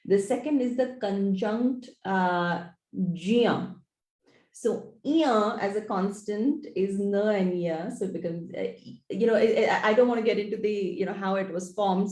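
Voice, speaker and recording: A woman's voice: mid-range voice, darkish tone. A woman author being interviewed, explaining things in an earnest, thoughtful way. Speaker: author guest. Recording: echoey room.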